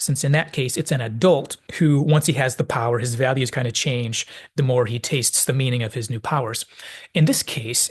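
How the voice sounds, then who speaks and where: A man hosting a video essay, reflectively analyzing a classic TV episode and thinking aloud as he goes. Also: medium pitch.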